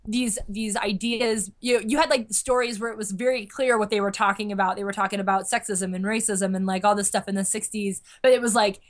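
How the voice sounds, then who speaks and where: A young woman chatting casually, an animated storyteller full of fillers who acts out quotes. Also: medium pitch, brisk, few pauses. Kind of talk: casual chat.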